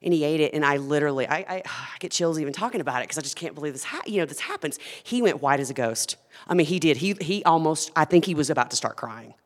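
A woman's voice: deep voice, expressive, fast talker, big-room sound. A woman who founded a food company, talking earnestly and with passion as a guest in a conversational interview.

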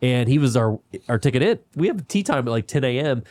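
A man hosting a golf podcast tells a rambling story in casual chat. He talks in animated bursts, quotes other people quickly and laughs often. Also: mid-range voice, dry recording. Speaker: podcast host.

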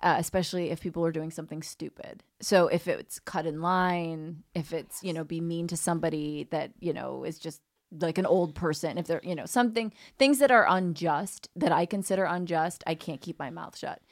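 A woman comedian telling a story on a podcast in a lively, profane way, acting out the people in it. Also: lowish voice, normal speed. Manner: animated storyteller who swears freely and acts out quoted people. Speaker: guest comedian.

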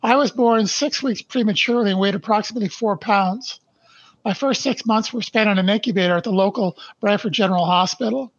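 Older man, slow and emphatic, dull lo-fi audio. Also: sits high, no echo. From Canada. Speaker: podcast guest. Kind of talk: interview, reading his life story aloud.

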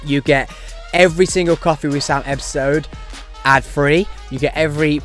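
A man's voice: fairly high pitch, steady tone, normal speed, a bit bright, soft background music. A man hosting a casual podcast, plugging his other show with jokey, rambling asides. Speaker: podcast host.

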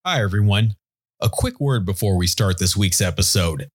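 A man with a lowish voice co-hosts a casual music podcast. He tells stories in an easy, relaxed way. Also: normal speed. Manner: relaxed, storytelling. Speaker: podcast co-host.

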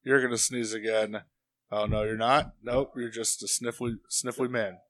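A man's voice: medium pitch, level tone, normal speed, a bit bright. A man co-hosting a casual wrestling podcast from a couch, joking around and swearing freely. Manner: laid-back, swears a lot, joking. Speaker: podcast co-host. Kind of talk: casual chat. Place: living room couch.

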